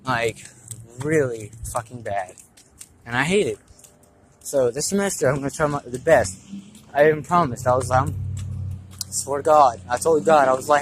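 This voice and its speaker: A man's voice: medium pitch, normal speed, long pauses, a little hiss or hum, low-quality recording. A nineteen-year-old man talking in a casual vlog, rambling and frustrated, swearing a lot as he goes. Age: young adult. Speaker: vlogger.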